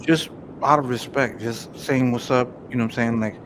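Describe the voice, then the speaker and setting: A man of ordinary pitch holds forth in a loose, unscripted chat. He swears freely and circles through his stories with filler phrases and restarts. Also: fairly even intonation, normal speed, noisy background. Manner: profane, rambling storyteller with constant "you know what I'm saying". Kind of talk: casual chat.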